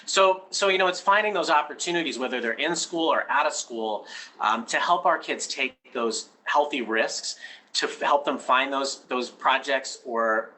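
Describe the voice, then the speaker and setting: Bright-voiced man explaining as a guest. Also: mid-range voice, normal speed, low-quality recording. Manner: earnest, many restarts, keeps adding "right?"; explains through personal stories. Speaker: education expert guest, head of a school. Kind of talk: conversational interview answers.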